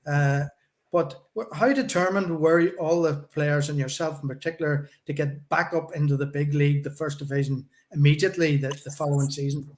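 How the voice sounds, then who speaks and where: A man's voice: fairly high pitch, fairly even intonation, fairly quick. A man hosting a fan podcast, asking questions in an eager, agreeable way. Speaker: podcast host. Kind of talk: interview questions.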